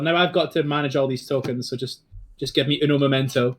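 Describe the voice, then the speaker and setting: A man's voice: mid-range voice, fairly even intonation, fast talker. A man narrating a tabletop game as dungeon master, talking casually, swearing and prompting his players.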